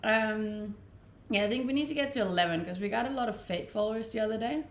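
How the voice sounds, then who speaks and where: A young woman from Denmark who speaks English with a Danish accent, chatting casually as a livestreamer and answering viewer messages in a relaxed way, laughing often. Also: mid-range voice, fast. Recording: echoey room with faint ambient noise.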